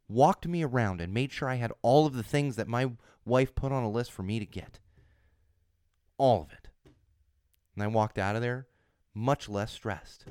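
Hoarse from a cold, a man in his thirties hosts a podcast, rambling casually through a monologue full of restarts and emphatic repeats. His pitch sits in the middle, and the studio-quality recording is dry.

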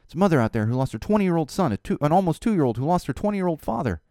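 A man hosting his own show, talking in an animated, emphatic monologue. When he gets upset he repeats words. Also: on the high side, very fast, dry recording, studio quality. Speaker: show host. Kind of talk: casual monologue.

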